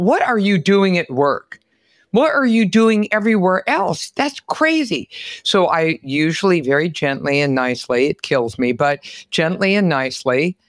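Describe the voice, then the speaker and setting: A woman hosting a podcast, telling stories in an animated, chatty way and exclaiming often. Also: sits low, dry recording, clean studio sound. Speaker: podcast host. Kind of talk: casual interview chat.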